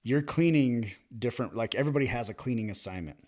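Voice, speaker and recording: A man's voice: medium pitch, fast. A man in his thirties, a podcast guest, casually telling stories and acting out the dialogue, with frequent laughs. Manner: animated, acts out quoted dialogue, laughs often. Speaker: podcast guest, military veteran. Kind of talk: casual storytelling chat.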